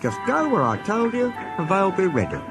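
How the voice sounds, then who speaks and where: A man voicing a cheeky, bright little male tank engine who plays innocent. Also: high voice, wildly swooping pitch, normal speed, music in the background, voice pushed up, full character voice. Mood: reassuring.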